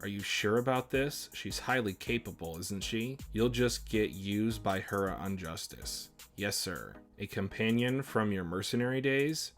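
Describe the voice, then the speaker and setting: A man's voice: fairly low pitch, a little slow, hardly any pauses, faint music behind. A man hosting a manga reaction, reading the character dialogue aloud and breaking off into chatty remarks.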